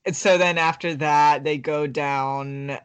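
A woman's voice: low voice, fairly even intonation, slow, clear, resonant tone. A woman co-hosting a podcast, casually recapping a book in a rambling way with lots of filler words. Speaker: podcast co-host. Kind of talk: casual chat summarizing a book.

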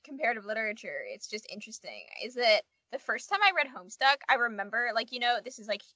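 Bright-voiced young woman, chatty. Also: a little high, very animated, fast, dry recording. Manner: rambling, many "like" fillers. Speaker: podcast co-host. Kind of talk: casual chat.

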